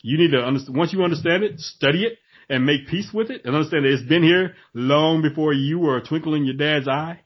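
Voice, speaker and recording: A man talking in an animated casual chat, acting out voices in his stories. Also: on the high side, fairly quick, husky. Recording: dull lo-fi recording.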